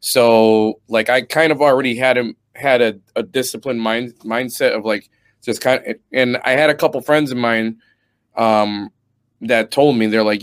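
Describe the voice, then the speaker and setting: A man's voice: medium pitch, moderate pace, no echo. A young adult man from Connecticut, an Army veteran and guest, telling his stories in casual, profane podcast chat. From New Britain, Connecticut. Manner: profane, animated storyteller.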